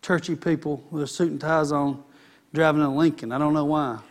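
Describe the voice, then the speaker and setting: A man's voice: on the high side, steady tone, a little fast. A man preaching a sermon in a folksy, conversational way.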